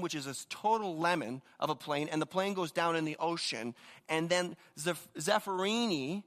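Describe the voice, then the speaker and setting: A man in his thirties delivers an energetic sermon, stumbling and repeating words as he builds into each point. His voice sits high and sounds bright and forceful. A long reverb trails behind him, as if he is in a large hall. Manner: energetic, storytelling, repeats words when starting a thought. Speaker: pastor.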